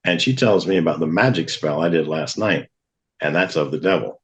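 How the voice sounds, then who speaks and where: A man's voice: a bass voice, normal speed, fairly bright tone, a little hiss or hum. A middle-aged man, a guest on a talk show, earnestly telling a personal testimony and acting out what others said. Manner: earnest, vivid retelling with acted-out quotes.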